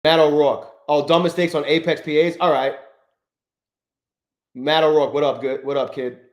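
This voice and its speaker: A livestreaming trader man whose voice sits on the higher side. His talk is loose and profane, full of self-directed frustration. Every so often he breaks off to greet viewers in the chat by name. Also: fairly even intonation, moderate pace. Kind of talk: live-stream chat while trading.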